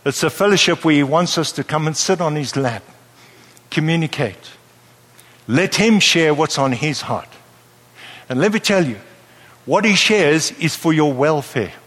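Preacher with a light voice in a reverberant hall. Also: male voice, fairly high pitch, measured pace, long pauses. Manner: lively, playful, asks the audience questions. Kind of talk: sermon. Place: church hall with a live audience.

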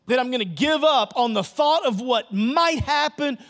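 A man preaching a sermon as pastor, emphatic and repetitive, swinging between loud passages and hushed ones. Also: extremely high pitch, animated, normal speed.

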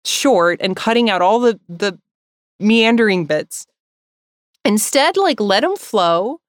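Speaking slowly and with animation at a medium pitch, this podcast co-host rambles through a heartfelt, emotional conversation, laughing frequently and growing tearful. The studio recording is clean, with no room sound.

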